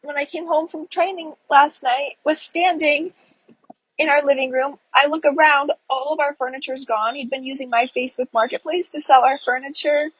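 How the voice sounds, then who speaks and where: A woman's voice: sits high, fairly even intonation, normal speed, no room sound, rough recording. A young woman from Florida telling the story of a sudden breakup to camera, tearful and breathless as she retells it.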